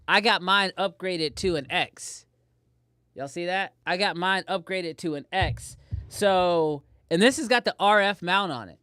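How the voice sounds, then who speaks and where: A man hosting a casual livestream from his home editing room, talking straight to his chat, animated and repeating himself. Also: sits high, clean tone, dry recording, clean studio sound. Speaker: livestream host.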